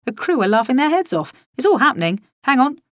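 A harried young man, played by a woman reading a novel reports back in a brisk, joking, excitable way. The sound is close and dry. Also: high-pitched, dry recording, voice pushed up. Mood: excited.

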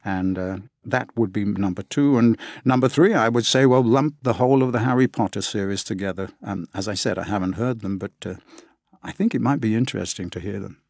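A man's voice: on the low side, a little fast, darkish tone, dry recording, studio quality. An English man, an audiobook narrator, answering interview questions in an enthusiastic, chatty way with frequent fillers.

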